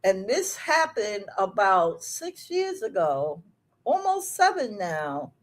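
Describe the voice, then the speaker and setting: A woman's voice: mid-range voice, sing-song, slow. A woman hosting a live show, telling stories in casual chat, laughing often and drawing out her exclamations.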